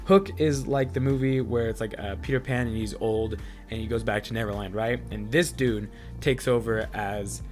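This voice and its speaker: A man telling stories in a casual vlog, excitable and self-deprecating, with lots of fillers. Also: lowish voice, normal speed, hardly any pauses, soft background music. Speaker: vlogger.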